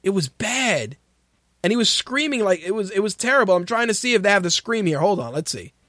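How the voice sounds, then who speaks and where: A man's voice: high voice, very animated, brisk, bright, forceful tone. A man hosting a radio talk show, ranting in casual, profane commentary and sounding exasperated. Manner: ranting, exasperated, swears freely.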